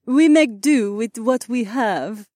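A male narrator voicing a modest, gentle middle-aged mother who cooks for the household. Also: extremely high pitch, slow, no room sound, voice pushed up.

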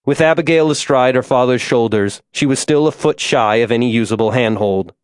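A man reading an audiobook in a measured, scripted narration. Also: mid-range voice, no room sound, studio quality.

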